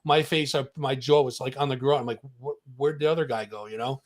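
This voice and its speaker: A man's voice: medium pitch, steady tone, brisk. A man co-hosting a music talk show, telling a story in casual chat and acting out the voices of the people in it.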